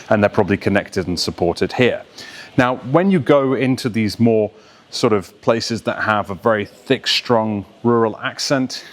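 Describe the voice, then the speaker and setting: A man from England working as a voice coach, explaining things clearly and steadily in a video lesson. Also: on the low side. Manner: articulate, steady, explaining with examples.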